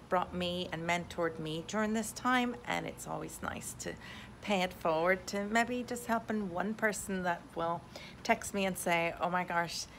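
A woman from Europe with a slightly low voice talks to her followers as a realtor, enthusiastic and positive. She records at home into a desktop microphone, with faint room hum behind her. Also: vocal fry, a bit bright. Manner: enthusiastic and positive, with many "uh" fillers. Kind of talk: upbeat video update to followers. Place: indoors at home. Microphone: USB desktop condenser microphone.

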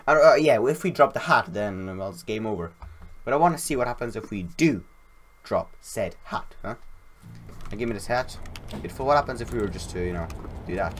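A man giving let's-play commentary while gaming, excitable and often shouting at the game. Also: medium pitch, quick pace, slight background noise. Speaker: gameplay commentator.

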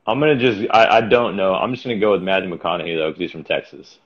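A man's voice: low voice, lively intonation, quick pace, dull audio. A laid-back man chatting casually as a game show contestant over a video call. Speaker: contestant, musician.

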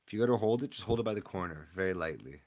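Excitable man chatting on a live stream. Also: low voice, very fast. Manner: excitable, chatty, talks to viewers. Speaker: streamer opening card packs. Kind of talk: casual live-stream chat.

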